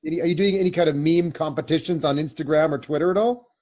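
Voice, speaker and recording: A man's voice: on the high side, quick pace, darkish tone. A man co-hosting an interview, asking long, rambling questions full of hesitations. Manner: rambling, hesitant questions with many fillers and restarts. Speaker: podcast co-host interviewer. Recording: dull lo-fi audio.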